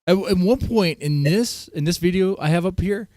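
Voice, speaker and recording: A man's voice: high-pitched, moderate pace, darkish tone, no echo, studio quality. A man co-hosting a stream, chatting casually in a laid-back, joking way. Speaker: stream co-host. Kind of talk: casual chat.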